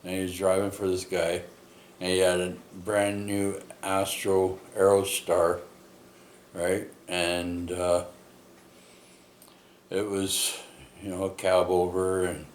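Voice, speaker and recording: A man with a very low voice tells a personal story at an unhurried pace. He rambles, restarts often and keeps tagging his sentences with questions. He is recorded in an echoey room with faint ambient noise behind him. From Canada. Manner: rambling, many fillers and tag questions.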